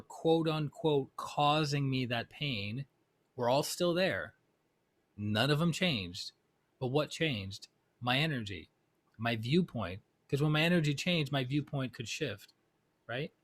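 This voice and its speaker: A man's voice: mid-range voice, a bit bright. A middle-aged man, a spiritual teacher, telling a personal story in a conversational talk and often checking in with "right?". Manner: conversational, keeps asking "right?".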